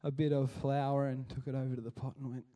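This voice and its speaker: A man giving a chatty, animated sermon and acting out the scenes he tells. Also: mid-range voice, quick pace, recorded from a distance. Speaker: preacher. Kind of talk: casual sermon.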